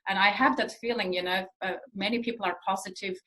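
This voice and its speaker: A woman researcher answering interview questions in an earnest, explanatory way, pausing often with fillers as she thinks. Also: medium pitch, fairly even intonation, pushed and bright, low-quality recording. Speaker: researcher guest.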